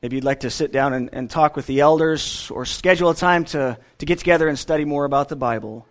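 A man's voice: on the high side, quick pace. A man preaching a sermon to a church congregation, telling stories earnestly with frequent restarts. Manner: earnest, animated storytelling with repeated restarts.

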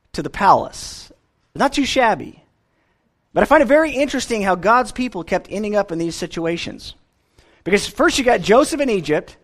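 A man preaching a sermon to a church congregation, telling stories earnestly with frequent restarts. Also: high voice. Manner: earnest, animated storytelling with repeated restarts.

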